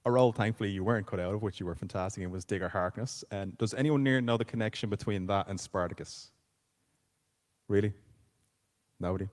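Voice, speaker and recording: A man's voice: on the low side, a little fast. A man hosting a convention panel, asking questions and joking with the audience. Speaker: panel host. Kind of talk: interviewing on stage. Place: convention hall stage.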